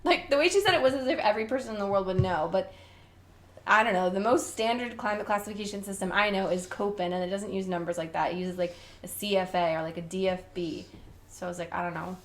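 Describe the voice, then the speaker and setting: A young woman with a mid-range voice co-hosts a chatty podcast, dropping dry jokes and quick asides. Faint background noise hums beneath her voice. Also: mid-range voice. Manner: wry, joking, quick asides. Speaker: podcast co-host. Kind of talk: casual chat.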